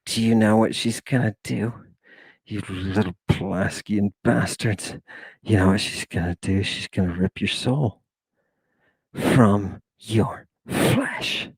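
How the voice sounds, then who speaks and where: In a livestream lecture, a man addresses his viewers as "people," his delivery theatrical and exclamatory, full of sighs and asides. His voice is lowish, slow, creaky and slightly rough, with no room sound.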